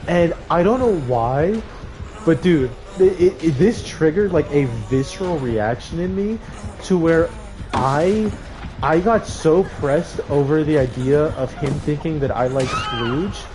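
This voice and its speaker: A young man streamer telling casual stories with animated, laughing delivery and high squeaky outbursts when quoting himself. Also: normal speed. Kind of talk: casual storytelling.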